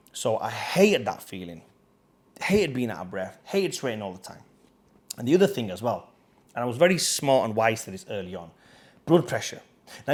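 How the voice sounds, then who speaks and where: Slangy, chatty man. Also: mid-range voice. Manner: slangy, chatty storytelling with lots of "bro" and "like". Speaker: fitness coach. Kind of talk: casual talk to camera.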